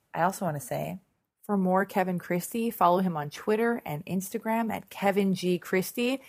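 A hoarse woman hosting her podcast, chatty and animated, swearing freely in a casual intro monologue. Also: fairly low pitch. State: hoarse, lost voice. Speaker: podcast host. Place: Los Angeles.

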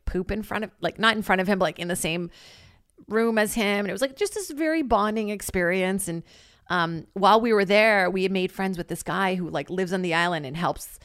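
A woman's voice: mid-range voice, no echo, clean studio sound. A young woman telling stories in casual chat, rambling with lots of "like" and laughing often.

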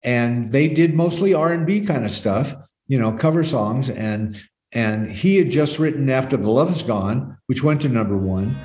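An older man in an interview, spinning loose, wandering stories about old studio days. His voice has a medium pitch and sits in a roomy, echoey space. He slips into quick quoted voices of the people he talks about. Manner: rambling, quoting others in lively bits. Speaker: musician guest. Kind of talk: relaxed anecdotal storytelling.

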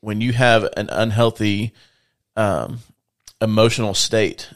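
A man's voice: fairly low pitch, steady tone, takes it slowly. A man co-hosting a faith-based podcast, talking in a reflective, casual way and explaining with everyday analogies. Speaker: podcast co-host.

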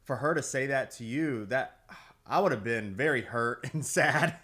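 A man's voice: medium pitch, normal speed, bright, forceful tone. A man co-hosting an interview, reflecting aloud and searching for his words. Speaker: co-host. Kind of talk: casual interview chat.

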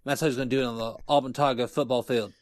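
A man putting on a mock Australian accent to play an excitable hype man bragging about a kicker. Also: rapid-fire, dry recording, clean studio sound, lightly acted. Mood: hyped. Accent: put-on Australian. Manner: loud, boastful, pitched up.

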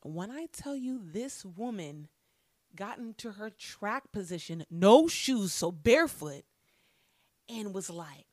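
A young woman tells a story in a loose, animated way, swearing freely and acting out what people said. Her voice sits at a middle pitch, and the recording is dry and close. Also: slow, no room sound. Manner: animated, profane, acts out quotes. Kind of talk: casual storytelling.

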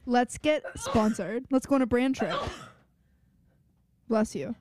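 A woman's voice: fairly high pitch, lively intonation, takes it slowly, very noisy. A young woman co-hosting a podcast in casual chat, telling indignant stories from work. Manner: storytelling, indignant. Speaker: podcast co-host.

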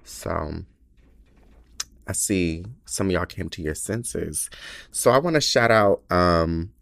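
A man hosts his own podcast in loose, chatty talk, candid, profane and quick to poke fun at himself. His voice sits a little low. It is recorded close and dry on a small mic. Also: animated, creaky, a bit bright, dry recording. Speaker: podcast host. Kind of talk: casual chat.

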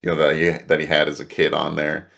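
Casting: podcast co-host, male, 30s, very low gravelly voice, rambling chatty delivery. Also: completely flat delivery, fast talker, a bit bright, lo-fi sound. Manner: rambling, laughs often, acts out quotes. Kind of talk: casual chat.

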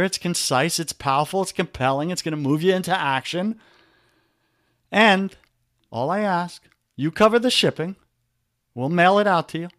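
A man with a New York accent, a coach and podcast guest, pitching his offers energetically and spelling out web addresses slowly. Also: fairly bright tone, dry recording, studio quality. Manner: pushy, repeats web addresses slowly, rallying.

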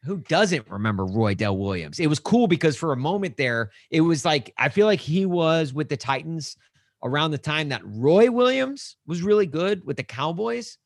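A man co-hosting a casual sports podcast, rambling and joking, often acting out mock dialogue in a higher voice. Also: big pitch swings, normal speed, no room sound, studio quality. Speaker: podcast co-host.

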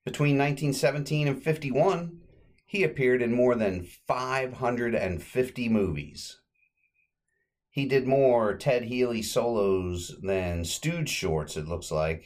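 A man hosting a podcast, retelling an old comedy short in a relaxed, rambling way with frequent fillers. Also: mid-range voice. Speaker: podcast host. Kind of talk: casual podcast recap.

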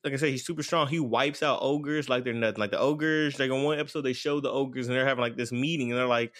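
A man's voice: medium pitch, fairly even intonation, quick pace, fairly bright tone. Rambling man recapping a show. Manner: rambling, lots of fillers like "blah, blah, blah". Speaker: anime reviewer.

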